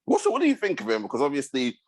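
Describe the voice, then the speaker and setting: A man hosting a sports podcast, talking in a relaxed way with frequent fillers. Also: mid-range voice, very fast. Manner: relaxed, hesitant with fillers, agreeable. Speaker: podcast host. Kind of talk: casual chat.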